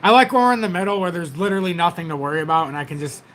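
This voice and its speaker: A man's voice: high voice, animated, racing, a bit bright, a little hiss or hum. A man hosting a casual crypto livestream, rambling and chatty as he talks straight to his viewers through a tablet's built-in mic. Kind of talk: casual livestream market commentary.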